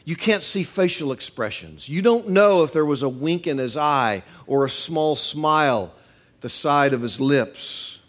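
Animated, lively-voiced male preacher. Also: a little high, measured pace. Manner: animated, acts out quoted voices with humor. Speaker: pastor. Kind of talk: sermon.

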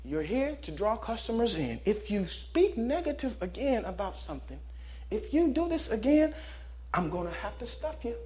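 A man's voice: high-pitched, very animated, moderate pace, darkish tone, pitched above the performer's own voice. A man voicing an exasperated shop owner who scolds his parrot in a sermon joke. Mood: scolding. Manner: stern, scolding.

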